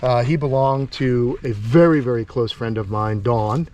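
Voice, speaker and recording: A middle-aged man from Long Island hosting a casual vlog outdoors by a tortoise enclosure, rambling and excitable with lots of fillers. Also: mid-range voice, moderate pace. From Long Island, New York. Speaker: host, tortoise keeper.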